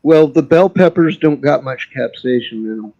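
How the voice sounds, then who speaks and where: A laid-back man talks easily in a loose panel chat, his voice dark and mellow. The sound is dull and lo-fi. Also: on the high side, normal speed. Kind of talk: casual live panel chat. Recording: dull lo-fi audio.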